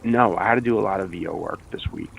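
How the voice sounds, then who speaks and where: A man calling in to an advice show, rambling and hesitant in a deadpan comedic way. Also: low-pitched, fast talker, vocal fry, a crowd in the background, low-quality recording. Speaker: caller.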